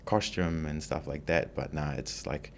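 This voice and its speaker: A male content creator talks as a podcast guest. His voice is very deep, and his delivery is relaxed and easygoing, full of 'you know' and light chuckles. Faint background hiss sits under it. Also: a little slow. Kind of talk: casual interview chat.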